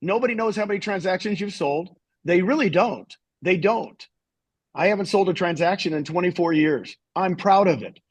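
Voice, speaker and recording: A man's voice: high voice, moderate pace, husky, no room sound. A middle-aged man on a webinar panel, a real estate agent, talking bluntly and repeating lines for emphasis.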